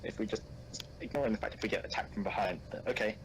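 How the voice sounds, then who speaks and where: Low-voiced male player over loud noise. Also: fast. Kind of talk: casual role-play chat. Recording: loud background noise with clicks.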